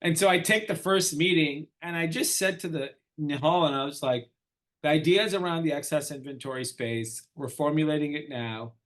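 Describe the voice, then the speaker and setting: An interviewed entrepreneur in middle age recounts a story in a relaxed, lively way, voicing each quoted line himself. He speaks at a moderate pace, his voice a little high.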